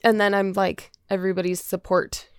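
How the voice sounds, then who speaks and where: A woman's voice: medium pitch, little pitch movement, brisk, smooth, dry recording, clean studio sound. A woman co-hosting a podcast, chatting candidly and often laughing. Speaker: podcast co-host. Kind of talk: casual chat.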